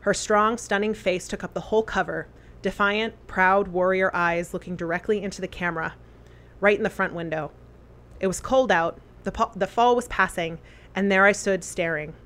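A woman earnestly reading a memorial letter aloud, with deliberate phrasing. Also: mid-range voice, fairly even intonation, a bit bright.

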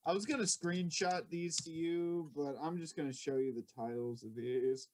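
A man's voice: on the high side, fairly even intonation, normal speed, darkish tone, slight background noise. A young man co-hosting a podcast, joking crudely and swearing in casual banter. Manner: joking, swearing, laughing often. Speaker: podcast co-host.

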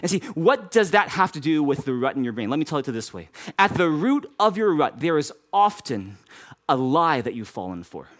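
A man's voice: fairly high pitch, very animated, brisk, fairly bright tone. A man preaching a sermon as pastor, repeating key phrases and speaking directly to his congregation.

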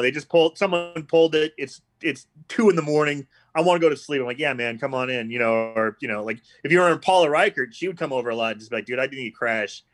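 A man's voice: a little high, fairly bright tone. A man chatting casually, telling an anecdote with swearing and quoted asides. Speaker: podcast co-host. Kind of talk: casual chat.

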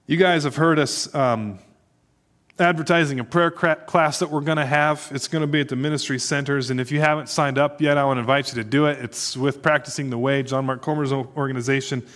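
A man preaching as a pastor, earnest and inviting, who grows hushed as he leads the congregation into prayer. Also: medium pitch, fairly even intonation, a little fast. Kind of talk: sermon closing into prayer. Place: church service.

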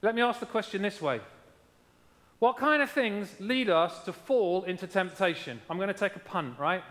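A man's voice: high voice, normal speed, a bit bright, long reverb tail. A man preaching a sermon as pastor, emphatic, repeating key lines and asking his congregation how they are doing.

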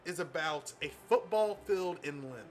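A man's voice: on the high side, animated, moderate pace, a little hiss or hum. A man narrating as game master in a tabletop game, describing scenes casually with many fillers.

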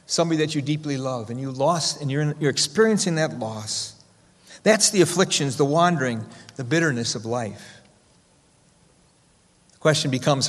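A man preaching a sermon with a slightly raised pitch, his voice carrying long reverb through a church hall. He swings between loud, emphatic stresses and soft, slowed-down quotations. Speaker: pastor.

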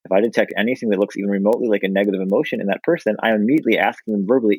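Quick, low-voiced male co-host, earnest and blunt. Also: darkish tone, husky, no echo, poor audio. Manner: earnest, emphatic, blunt with profanity. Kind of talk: frank casual discussion.

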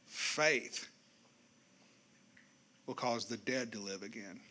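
A male pastor preaching a sermon, animated and joking, swinging between loud and hushed. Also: mid-range voice, slow, a little hiss or hum. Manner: joking, speaks straight to the congregation.

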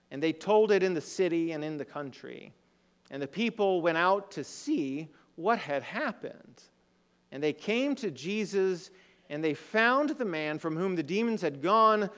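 Slow-spoken pastor in a reverberant hall. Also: male voice, sits high. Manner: conversational, asks the congregation rhetorical questions. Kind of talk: sermon.

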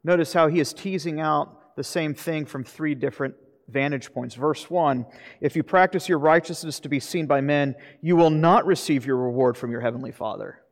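A man's voice: a little high, normal speed. A pastor preaching a sermon earnestly, asking his listeners rhetorical questions. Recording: long reverb of a hall.

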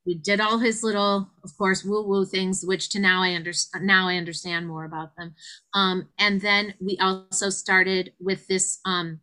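A middle-aged woman, a guest, telling her story in an animated way and acting out the quotes. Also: normal speed, low-quality recording. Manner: animated, acts out quotes with big pitch jumps. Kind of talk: conversational storytelling.

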